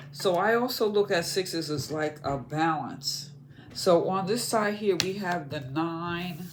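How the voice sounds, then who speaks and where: A tarot reader talking through a card spread at an unhurried, slow pace. The voice muses aloud in short, loose phrases and often stops to check in with listeners. A faint noise sits behind it. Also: mid-range voice. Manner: musing, checks in with listeners by asking "okay?"; talks in short loose phrases with many fillers. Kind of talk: casual spoken tarot reading.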